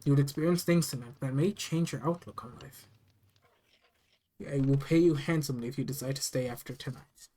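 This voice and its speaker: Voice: mid-range voice, brisk, mellow, lightly acted. A narrator doing an urgent, secretive male shop owner.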